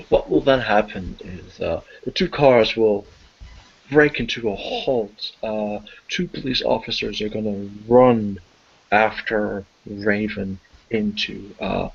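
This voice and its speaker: A man with a low, gravelly voice narrates as game master of a tabletop game. He talks in a hesitant, rambling way with many fillers, a little husky. The audio is dull and lo-fi. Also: slow, fairly bright tone.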